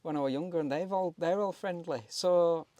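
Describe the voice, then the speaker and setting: Man, casual vlog host, playful, slightly high voice, dry. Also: moderate pace, mellow, no room sound. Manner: jokey, laughs often. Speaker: van life vlogger. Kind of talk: casual chat. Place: inside a campervan.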